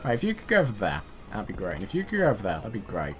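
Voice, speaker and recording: A man's voice: on the low side, wildly swooping pitch, very fast, fairly bright tone, faint music behind. A man narrating a strategy game, chatty and self-mocking as he barks orders at his units. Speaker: gaming YouTuber. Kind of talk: casual let's play commentary.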